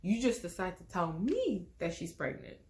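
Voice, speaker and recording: A young woman vlogger telling a personal story in a lively, expressive way, with casual slang. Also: lowish voice, normal speed.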